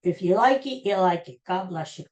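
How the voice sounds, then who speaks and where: A woman's voice: lowish voice, expressive, normal speed, darkish tone. An older woman hosting a podcast, chatting in a rambling way and repeating herself. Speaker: podcast host. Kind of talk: casual chat.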